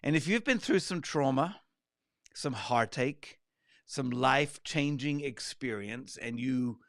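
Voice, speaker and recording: A man leading a conversational Bible study. He is animated and breaks into quoted lines and side remarks. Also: mid-range voice, takes it slowly, no echo, studio quality.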